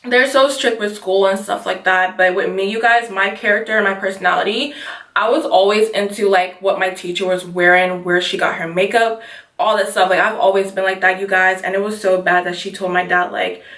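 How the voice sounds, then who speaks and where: A woman's voice: mid-range voice, fairly even intonation, moderate pace, a bit bright, distant mic. Chatty young woman vlogging, roomy echo. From Nigeria. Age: 20s. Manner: casual, rambling, keeps saying you guys. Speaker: beauty vlogger. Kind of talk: chatty get ready with me vlog.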